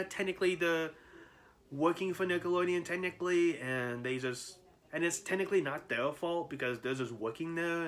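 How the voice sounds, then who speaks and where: A man's voice: on the high side, fairly bright tone. A man in his twenties ranting to his viewers in a vlog, trying to hold back his anger as he rambles with many restarts. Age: 20s. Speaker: YouTuber.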